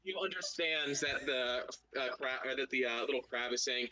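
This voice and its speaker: A man's voice: medium pitch, steady tone, fairly quick, pushed and bright, poor audio. A man running a tabletop game as game master, narrating loosely and laughing often.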